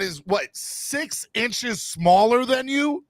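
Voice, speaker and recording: A man with a gravelly, fry-edged voice rants through heated sports talk, his pitch leaping all over the place. He swings from low grumbles up into loud, high bursts. The sound is dry and close, with no room around it. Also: measured pace, no echo. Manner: animated, ranting, bursts into shouting. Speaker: sports podcast host.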